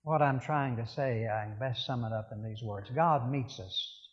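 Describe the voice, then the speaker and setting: A man's voice: mid-range voice, normal speed, in a large hall, lo-fi sound. A man preaching a sermon in a conversational, emphatic, repetitive style.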